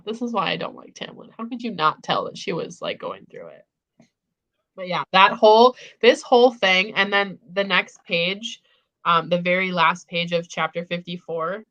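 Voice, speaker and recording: Low, bright-voiced young woman gushing. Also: animated, measured pace, rough recording. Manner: gushing, filler-heavy "like" talk. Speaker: booktube host. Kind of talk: casual livestream book discussion. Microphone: livestream microphone.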